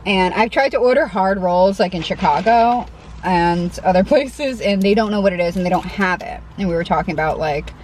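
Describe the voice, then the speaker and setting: A woman's voice: mid-range voice, moderate pace, a little mellow, a little hiss or hum, low-quality recording. A young woman with a Connecticut accent, chatting casually and self-deprecatingly as she eats in a parked car for her eating vlog. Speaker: mukbang vlogger.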